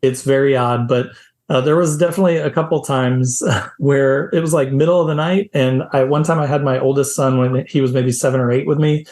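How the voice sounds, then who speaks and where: A middle-aged man from the Midwest, a podcast guest telling lively anecdotes in casual conversation. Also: medium pitch, fairly quick. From American Midwest. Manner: animated, lively anecdotes with quoted voices. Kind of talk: casual storytelling. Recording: echoey room.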